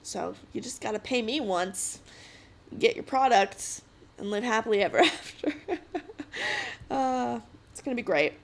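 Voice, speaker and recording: A woman's voice: a little high, lively intonation, a little slow, vocal fry, pauses often. A woman in her twenties hosting a casual solo podcast, chatty and giggly, giving an encouraging pep talk. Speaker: podcast host.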